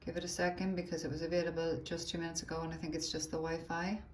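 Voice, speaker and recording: A lower-voiced woman talks teachers through a phone demo in real time, chatty and thinking aloud as she works. The room rings with echo, and a faint hiss sits under her voice. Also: little pitch movement, fast. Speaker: teacher trainer. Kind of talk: live phone demo tutorial.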